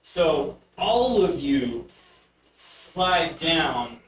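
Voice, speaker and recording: A man running a tabletop game as game master, narrating in halting bursts with frequent restarts and chuckles. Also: fairly high pitch, big pitch swings, a bit bright. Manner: halting, restarts often, laughs through narration. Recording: echoey room, distant mic, noisy.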